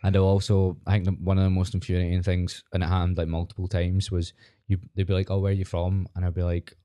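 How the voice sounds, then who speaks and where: A man's voice: sits low, monotone, quick pace, dark tone, clear, resonant tone, no room sound, clean studio sound. A man with a Glasgow accent hosting a podcast, blunt and sweary in casual chat. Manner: blunt, sweary, laughs at his own rants. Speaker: podcast host.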